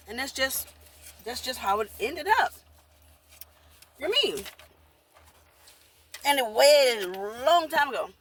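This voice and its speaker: A woman's voice: high voice, lively intonation, slow pace, long pauses, a bit bright. A woman vlogging in a casual monologue, talking bluntly and rambling, repeating herself while she eats. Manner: talks while eating.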